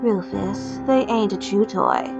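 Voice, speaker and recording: Lady doing a soft silky cajun demon lady, purring and sweet but threatening, gravelly edge, muffled audio with music under it. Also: mid-range voice, slow. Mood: teasing. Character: seductive menacing Cajun demon hostess woman.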